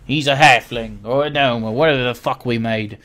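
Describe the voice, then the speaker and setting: A man voicing a hammy male halfling fighter who announces himself loudly and theatrically, as an example of in-character talk. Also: mid-range voice, brisk, pitched below the performer's own voice, lightly acted.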